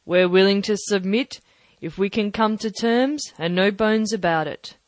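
A woman's voice: medium pitch, a little slow, dry recording, close to an everyday voice. A woman doing a cheery, wily old pirate. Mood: bargaining. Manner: hearty, smooth-talking, persuasive. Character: cunning one-legged male pirate captain, cheery and wheedling. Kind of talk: audiobook character voice.

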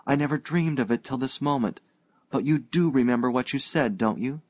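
A man's voice: mid-range voice, a little fast, no room sound, pitched above the performer's own voice, close to an everyday voice. A man reading an audiobook, voicing a shy, troubled young woman who speaks in a hesitant, earnest, faltering way. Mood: pleading.

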